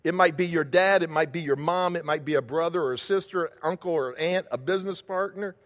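A man's voice: a little high, fairly quick, fairly bright tone, in a large hall. A male pastor preaching a sermon, asking the congregation questions and answering them himself.

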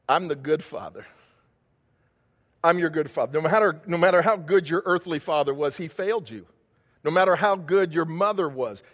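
Male preacher with a high voice, repeating phrases for emphasis, heard in a reverberant church hall. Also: fairly bright tone. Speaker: pastor. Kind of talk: sermon.

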